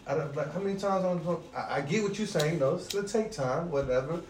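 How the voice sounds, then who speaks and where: A man's voice: on the high side, quick pace. A man on a podcast telling stories about his relationship in casual, profane chat, quoting his partner along the way. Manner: animated, profane storytelling that quotes his partner. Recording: roomy echo with faint noise.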